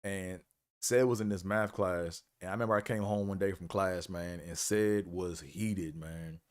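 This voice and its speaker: A man's voice: low voice, steady tone, a little slow. A man hosting a live stream, telling college stories in a laid-back way, full of "man" and "you know". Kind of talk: casual storytelling.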